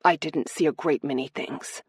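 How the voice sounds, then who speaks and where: A woman's voice: sits low, steady tone, moderate pace, husky, no echo, studio quality. A woman voicing a brooding noble lord, commanding and also tender toward the woman he speaks to.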